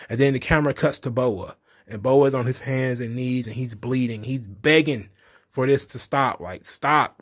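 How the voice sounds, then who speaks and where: A man giving a casual spoken recap of a show, blunt and excitable, swearing freely and filling gaps with "you know". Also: medium pitch. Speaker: wrestling show reviewer.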